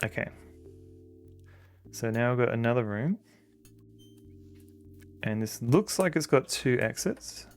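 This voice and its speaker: A man's voice: mid-range voice, animated, takes it slowly, long pauses, faint music behind. An Australian man chatting casually while streaming a game at home, rambling and talking fondly to his dogs. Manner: rambling, chatty, fond baby-talk to dogs. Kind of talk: casual live-stream chat.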